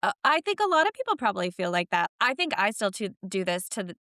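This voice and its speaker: A woman's voice: medium pitch, big pitch swings, fast, sharp tone, dry recording, studio quality. A woman co-hosting a podcast, talking reflectively in casual chat with many "like"s. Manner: reflective, filler-heavy, lots of "like". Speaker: podcast co-host.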